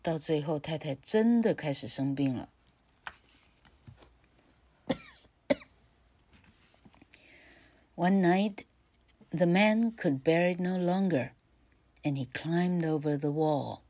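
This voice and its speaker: A woman teacher reading a fairy tale aloud for learners, carefully and with pauses. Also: low voice, a little mellow. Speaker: grammar teacher. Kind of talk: bilingual story reading for learners.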